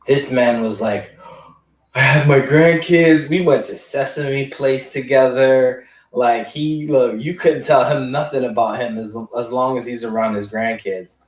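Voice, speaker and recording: A man co-hosting a casual podcast chat in an easygoing, rambling way, turning questions back to the group. His voice sits at a middling pitch. It sounds roomy and a little far from the mic. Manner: rambling, conversational, asks the others questions. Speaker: podcast co-host caring for his father.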